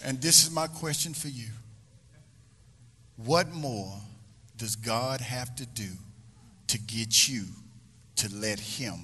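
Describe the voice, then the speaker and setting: A man's voice: medium pitch, slow pace, pauses often, bright, forceful tone, husky, long reverb tail. A male pastor preaching a sermon, emphatic and repetitive, stretching phrases out for effect.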